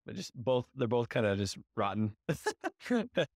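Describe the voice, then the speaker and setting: A man's voice: medium pitch, a little slow, no echo, studio quality. Upbeat man co-hosting a podcast. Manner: upbeat, engaged, animated when retelling scenes. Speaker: podcast co-host. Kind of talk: casual podcast discussion.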